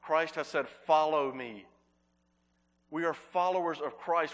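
A man preaching a sermon as pastor, earnest, repeating words for emphasis and slowing on key phrases. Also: fairly high pitch, a bit bright.

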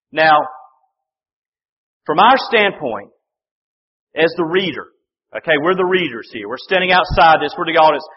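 A man's voice: fairly high pitch, expressive, unhurried, pauses often, breathy edge. Male pastor, earnest, chatty sermon delivery, lo-fi recording. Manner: earnest, conversational, addresses listeners as folks. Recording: dull sound with long reverb in a hall.

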